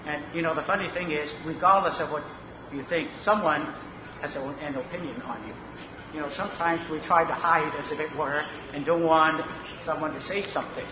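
A man's voice: fairly high pitch, steady tone, a little fast. A man earnestly asking questions in a Bible discussion. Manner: earnest, searching, asks questions. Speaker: participant in a Bible study. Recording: roomy, muffled, noisy room recording.

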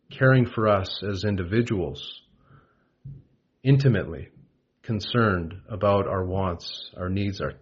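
Male preacher, slow and gentle devotional delivery, dull lo-fi recording. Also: lowish voice. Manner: gentle, unhurried, with frequent pauses and fillers. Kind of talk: devotional Bible talk.

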